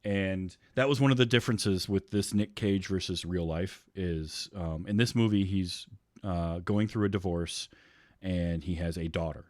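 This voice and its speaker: A man with a low voice talks through a movie on his podcast, rambling and filling pauses with ums. He now and then acts out lines from scenes. The sound is dry and close. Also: steady tone, a little mellow, no room sound. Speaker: podcast host. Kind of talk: casual movie chat.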